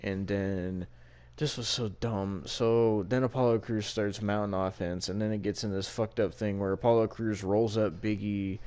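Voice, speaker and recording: A man's voice: lowish voice, steady tone, moderate pace, a little mellow, clear, resonant tone. A man co-hosting a casual wrestling review, ranting in exasperation and swearing freely. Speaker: podcast co-host.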